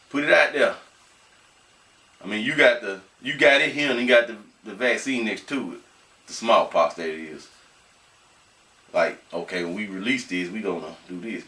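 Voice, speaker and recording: A man who runs a small channel, reading news aloud and commenting casually, talking to viewers in a folksy way and slowing and halting as he reads. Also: mid-range voice, bright, forceful tone. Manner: folksy, talks straight to viewers as "y'all". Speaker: small YouTuber. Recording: echoey room, mic at a distance.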